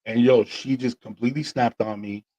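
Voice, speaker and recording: A man hosting a podcast, telling stories in a casual, slangy, animated way and acting out what people said. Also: medium pitch, normal speed. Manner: animated, slangy, acts out quotes. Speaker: podcast host. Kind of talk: casual storytelling chat.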